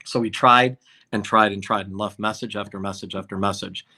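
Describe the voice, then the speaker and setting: A man's voice: on the low side, brisk. A middle-aged man, a concert promoter, telling anecdotes in conversation and acting out other people's lines. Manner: animated, acts out dialogue in quotes. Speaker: concert promoter, podcast guest.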